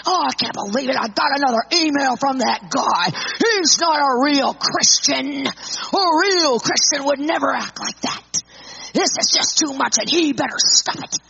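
A woman voicing her angry husband, shouting and ranting in a muffled lo-fi recording. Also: high-pitched, animated, a little fast, vocal fry, few pauses, slight background noise, exaggerated voice.

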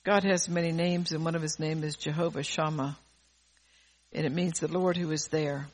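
A woman's voice: deep voice, fairly even intonation, moderate pace. A woman preacher delivering a fervent sermon, repeating words and phrases for emphasis.

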